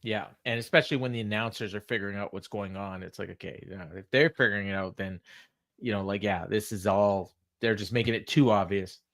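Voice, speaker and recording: A man's voice: on the low side, fairly even intonation, fairly quick, fairly bright tone. A man co-hosting a podcast, casually recapping a wrestling show, quoting the wrestlers and laughing often. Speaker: podcast co-host.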